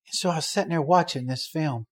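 A man preaching a sermon, telling a story with animated acted-out voices and shouts. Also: a little high, fairly quick.

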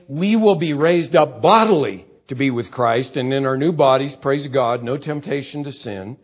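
A man preaching a verse-by-verse sermon, his voice a bit higher than most. He teaches earnestly and swells into fervent emphasis. The recording sounds muffled and lo-fi. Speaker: pastor. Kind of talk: expository sermon.

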